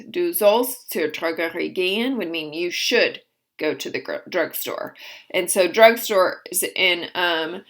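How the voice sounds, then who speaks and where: A woman teaching a language lesson, saying example phrases slowly and carefully, then explaining them. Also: on the low side, fairly bright tone.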